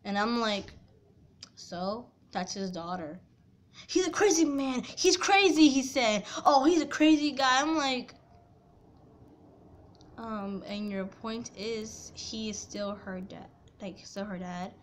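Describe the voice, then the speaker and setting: Upset young woman ranting, slow talker. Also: medium pitch. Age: young adult. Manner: rambling, upset, swings from quiet to loud and angry. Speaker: vlogger telling a personal story. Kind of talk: casual storytime.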